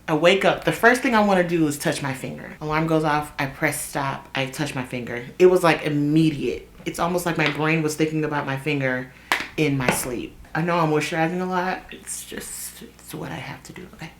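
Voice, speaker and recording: A young woman telling a story in a chatty, animated way while getting ready, with asides to her viewers. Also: deep voice, fairly quick, noisy background. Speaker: vlogger. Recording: roomy echo.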